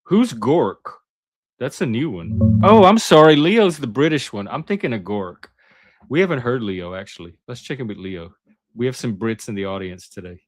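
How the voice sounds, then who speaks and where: A male host chatting on a live stream, teasing and halting with frequent restarts. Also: mid-range voice, big pitch swings, dry recording, studio quality, soft background music. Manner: teasing, hesitant, many restarts. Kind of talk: casual live-stream chat.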